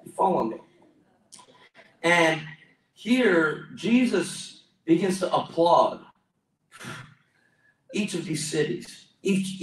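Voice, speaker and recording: Exclamatory male pastor in echoey church. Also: a little high. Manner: exclamatory, calls for audience responses. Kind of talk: sermon. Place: church hall. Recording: roomy echo, mic at a distance.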